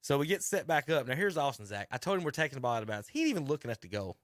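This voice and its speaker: Rambling radio host, dry studio. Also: male voice, medium pitch, very fast, no echo. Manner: rambling, animated storyteller who restarts sentences. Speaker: sports talk radio host and youth basketball coach. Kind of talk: casual radio chat narrating a video clip.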